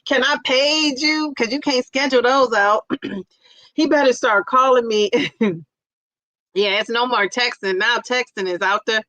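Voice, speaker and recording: A woman hosting a casual live chat stream, reading out viewer comments in a playful, excitable and teasing way. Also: a little high, measured pace, long pauses, no echo, poor audio.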